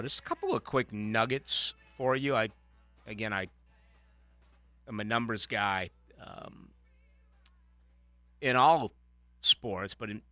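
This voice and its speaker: A man's voice: lowish voice, no echo. A man hosting a sports talk radio show, giving opinionated commentary with frequent restarts. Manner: opinionated, animated, halting restarts.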